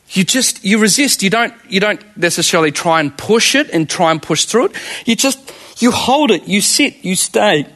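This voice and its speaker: An Australian man in his thirties preaches with a high, light voice. He is animated, puts rhetorical questions to the congregation and laughs often as he goes. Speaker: pastor. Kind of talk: sermon.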